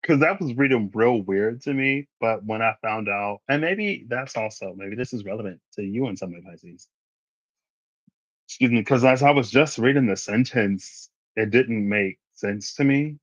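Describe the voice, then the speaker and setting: Lower-voiced man, tarot reader, casual and rambling with many asides; dry, slightly dull recording. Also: dry recording.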